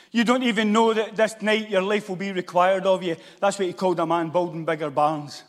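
A man with a Scottish accent preaching a sermon, moving between loud shouts and hushed, intense passages. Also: high-pitched, steady tone, brisk, hardly any pauses. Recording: long hall reverb.

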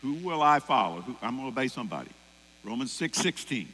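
A man preaching a sermon, animated, acting out voices and singing lines. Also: medium pitch, a little fast. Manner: animated, acts out voices and sings song lines. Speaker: pastor. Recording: long hall reverb with mains hum.

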